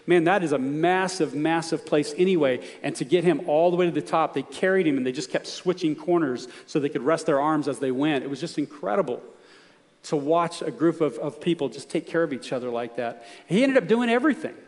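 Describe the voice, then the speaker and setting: A man's voice: a little high, a little fast, big-room sound. A man preaching a sermon, telling a story and asking the congregation earnest, emphatic questions. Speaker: pastor.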